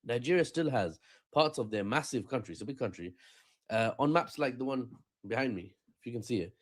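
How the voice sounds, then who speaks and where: A man's voice: medium pitch, animated, brisk. Wry man in a commentary clip. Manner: wry, joking asides. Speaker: online commentator. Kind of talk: joking commentary video.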